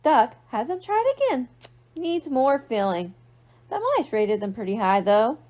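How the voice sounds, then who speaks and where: A woman's voice: a little high, animated, a little slow, warm tone. A young woman librarian reading a picture book aloud to children, playful and asking them questions. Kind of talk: storytime read-aloud for kids.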